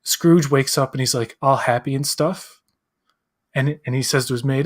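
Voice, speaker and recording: A man's voice: mid-range voice, normal speed. A man co-hosting a live pop-culture chat, rambling, acting out quotes and searching aloud for names. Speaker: co-host. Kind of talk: casual chat.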